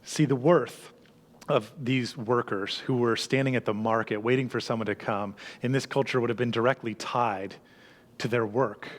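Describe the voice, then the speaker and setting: A man preaching a sermon as a church pastor, earnest, dropping to hushed tones and then rising to emphatic peaks. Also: mid-range voice, fairly even intonation, moderate pace.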